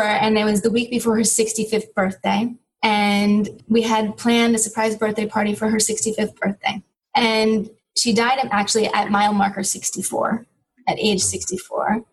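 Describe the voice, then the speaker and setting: A middle-aged woman speaks as a guest in a conversation, telling her story earnestly and reflectively. Her voice sits a little high for a woman. She pauses and restarts her sentences as she searches for words. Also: steady tone, poor audio. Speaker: interview guest.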